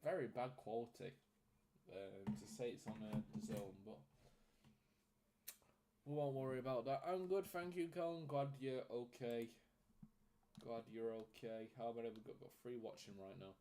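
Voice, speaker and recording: A man's voice: mid-range voice, normal speed, pauses often. A young man streaming, reading out football scores and chatting with viewers as he commentates on a match. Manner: reels off scores in a flat list, chatty with viewers. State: out of breath. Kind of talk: casual live-stream chat and commentary.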